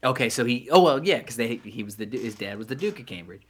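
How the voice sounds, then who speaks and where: A man's voice: mid-range voice, lively intonation, fast talker, husky. A middle-aged man chats on a podcast with a voice in the middle range. He rambles and loses his thread, filling gaps with ums and uhs and restarting his sentences. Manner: rambling, many fillers and restarts. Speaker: podcast co-host. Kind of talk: casual chat.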